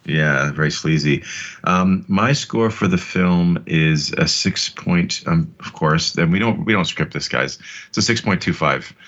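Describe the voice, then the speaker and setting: A man's voice: sits low, a bit bright. A man co-hosting a film podcast, chatting casually in a laid-back, joking way. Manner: laid-back, easy chuckling banter. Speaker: podcast co-host. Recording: dull lo-fi sound.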